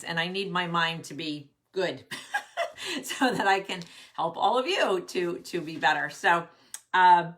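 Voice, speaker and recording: A woman's voice: low voice, fairly bright tone. A middle-aged woman coaching careers on a casual live stream, bubbly and chatty, greeting viewers by name. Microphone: webcam at desk.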